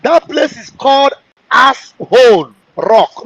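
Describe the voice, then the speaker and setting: A man's voice: very high voice, animated, moderate pace, no echo. A male host, giving heated, mocking political commentary. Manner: heated, mocking, acts out quotes. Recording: dull, dry lo-fi audio.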